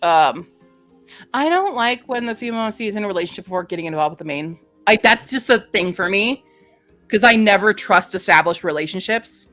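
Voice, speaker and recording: Brief: mid-pitched woman, book-stream host, chatty, reads synopses aloud. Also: animated, brisk, a bit bright, faint music behind. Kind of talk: casual live-stream chat and reading aloud.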